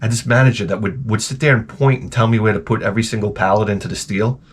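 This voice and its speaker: A man's voice: lowish voice, fast talker, slightly rough. Man ranting casually, profane. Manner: rambling and profane, with dark jokes. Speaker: retro gaming YouTuber. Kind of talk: casual rant.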